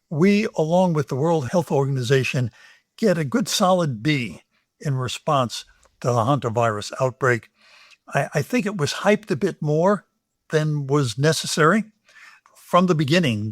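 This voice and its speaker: An older man from the United States, an infectious disease expert answering interview questions in a measured, explanatory way with emphatic pauses and soft asides. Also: mid-range voice, dry recording, studio quality.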